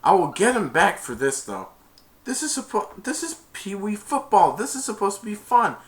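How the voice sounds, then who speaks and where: A man putting on the voice of a blustering, competitive grown-man football coach, shrill and indignant. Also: sing-song, moderate pace.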